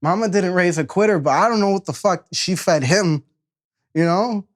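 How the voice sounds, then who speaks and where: A young man from Chicago telling a story about himself in a loose, animated way, acting out voices, laughing at himself and swearing freely. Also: high voice, normal speed. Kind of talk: casual spoken storytelling.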